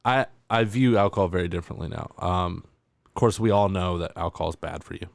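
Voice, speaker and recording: Deep-voiced, rambling podcast host man. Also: brisk, gravelly, dry recording. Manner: rambling, hesitant, many fillers. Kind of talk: casual chat.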